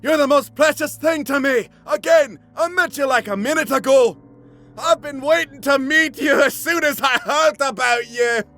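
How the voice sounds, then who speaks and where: A man doing a gushing lovesick young slasher, very high. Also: normal speed, bright, forceful tone, exaggerated voice. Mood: mock romantic. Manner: breathless mock-romantic gushing.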